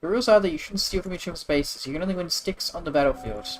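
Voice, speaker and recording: A sulky little boy, whiny and petulant, as a man puts him on. The voice sits a bit high, with game music clearly underneath. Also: quick pace, natural voice. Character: sulky angry young boy.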